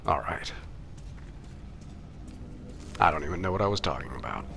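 Young male streamer, low voice, rambling and self-deprecating; noise under the recording. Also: lively intonation, vocal fry, bright, forceful tone. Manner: rambling, self-mocking, halting. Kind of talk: live game commentary.

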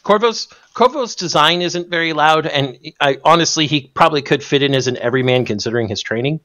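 A man in casual discussion, animated and profane, often restarting his sentences. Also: a little high, a little fast. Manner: animated, swears freely, stumbles and restarts.

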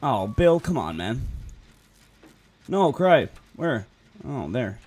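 A man's voice: medium pitch, big pitch swings, takes it slowly, a little mellow, husky. Young male streamer, casual game chat, swears and laughs a lot. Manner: laughing, swearing, joking with teammates. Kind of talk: casual gaming commentary.

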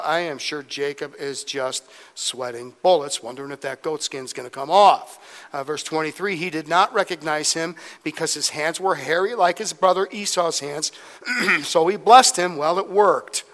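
A man teaches scripture from the pulpit with a slightly raised, lively pitch. He reads the verses, then breaks into casual, humorous asides. The long reverb of a church hall trails each phrase. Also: normal speed. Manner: conversational, joking asides between scripture readings. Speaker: pastor. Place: church sanctuary.

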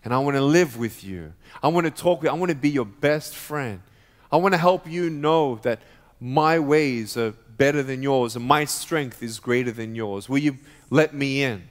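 A man voicing a kind, gentle savior figure who speaks softly and reassuringly, in a story told during a sermon. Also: medium pitch, normal speed, lightly acted. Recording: reverberant church hall.

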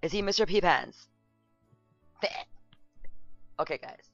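A woman casually commenting on a life-sim game, excitable, laughing and shouting at the screen. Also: low-pitched, slow pace, vocal fry, long pauses, no room sound, dull audio, faint music behind. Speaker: gameplay video host.

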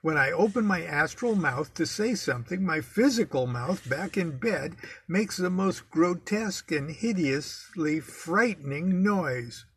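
A man with a gravelly, husky voice reads his own memoir aloud. He tells it in a wry, self-mocking way, and his pitch sits a little high for a man. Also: animated, unhurried, few pauses. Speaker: author reading his own book.

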